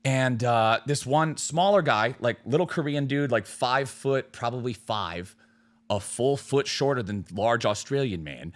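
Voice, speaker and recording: A man's voice: mid-range voice, measured pace. A young man co-hosting a casual podcast, telling a long story with plenty of swearing and acted-out voices. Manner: animated storyteller, swears freely, acts out quoted voices. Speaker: podcast co-host.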